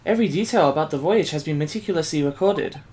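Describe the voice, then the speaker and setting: A man voicing a polite, composed young woman assistant in a video game, speaking quietly and formally. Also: fairly high pitch, expressive, fast, noisy background, natural voice.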